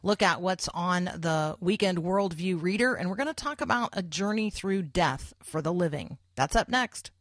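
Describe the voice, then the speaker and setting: A woman hosting a morning radio talk show, friendly and quick with some restarts. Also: on the low side, animated.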